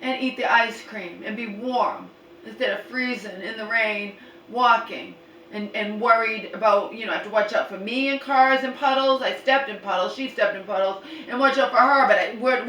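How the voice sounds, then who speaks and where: A woman's voice: a little high, normal speed, sharp tone, echoey room, distant mic, poor audio. A woman vlogging a rambling, exasperated story and retelling arguments, swearing now and then.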